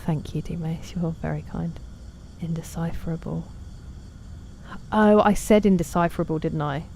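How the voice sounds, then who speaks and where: A woman chats through a game stream, talking to her viewers and teasing herself. Her voice sits low and mellow, with a faint hiss underneath. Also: moderate pace, creaky. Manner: chatty, self-deprecating, reads out chat messages. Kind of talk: casual gaming stream chat.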